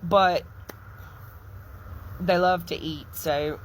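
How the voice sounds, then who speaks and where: A middle-aged woman with a fairly low voice. She talks straight to her audience in an impassioned social-media commentary, emphatic and indignant as she tells a story from her own life. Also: fairly even intonation, very slow, a little hiss or hum.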